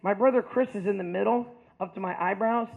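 A man with a high voice tells a school audience about his life, joking loudly and then dropping to a quieter, plainer tone. The sound is narrow and tinny, as if carried over a phone line. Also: brisk, vocal fry. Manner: animated, joking, shifts between loud punchlines and quiet stretches. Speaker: motivational speaker. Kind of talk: storytelling talk to students.

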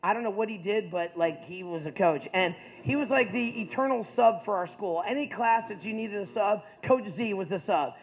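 Guy from the ohio valley telling a rambly story, self-mocking, high voice, tinny phone-like audio. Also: normal speed, hardly any pauses. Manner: casual, rambling, self-mocking, heavy on fillers. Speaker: speaker. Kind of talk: storytelling talk to an audience.

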